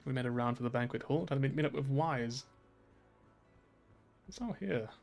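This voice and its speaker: A man's voice: medium pitch, moderate pace, gravelly, darkish tone, soft background music. A male game streamer chatting casually, laughing often and swearing freely. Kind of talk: casual gameplay commentary.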